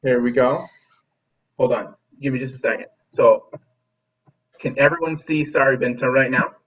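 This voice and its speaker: A man's voice: medium pitch, steady tone, moderate pace, a bit bright, breathy edge. A man teaching a remote music class over a video call, encouraging and often repeating or restarting his phrases. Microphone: laptop video call. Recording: distant dull video call audio.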